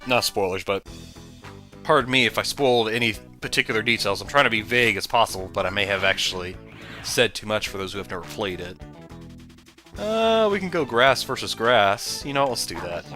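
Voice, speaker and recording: A man with a somewhat low voice rambles through casual gameplay commentary. He keeps drifting into side stories, with game music playing clearly behind him. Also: fast, sharp tone. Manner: rambling, chatty, drifts into tangents. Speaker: let's play commentator.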